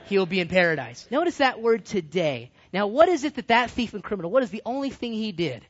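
A man preaching a sermon to a group, his delivery animated and swinging between loud and hushed. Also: sits high, fast, few pauses. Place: California. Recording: dull lo-fi recording.

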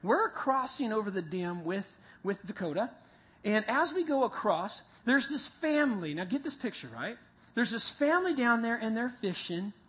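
A man preaching to a group, telling a vivid, animated story that builds toward a Bible lesson. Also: sits high, normal speed, slightly rough. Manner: animated storyteller, acts out voices and sounds. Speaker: youth pastor. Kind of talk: sermon with a told story. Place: meeting room with a live group.

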